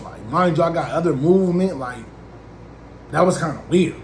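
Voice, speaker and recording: A man in his thirties spins a casual, slangy comic story and acts out each side of the talk. His voice sits a bit high for a man. The room is echoey, with a faint hiss underneath. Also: moderate pace. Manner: slangy, animated, acts out both sides of conversations.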